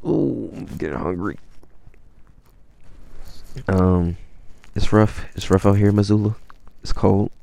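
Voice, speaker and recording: Deep gravelly young guy rambling. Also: little pitch movement, a little slow, pauses often, dark tone. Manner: rambling, slangy, swears a lot. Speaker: traveler telling his story. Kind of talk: casual storytelling.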